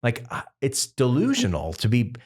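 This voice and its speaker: A man's voice: mid-range voice, normal speed, husky. A man in his fifties from Massachusetts, a singer-songwriter telling stories in a loose, rambling way with lots of fillers. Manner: rambling, animated storytelling full of fillers. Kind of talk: casual interview chat.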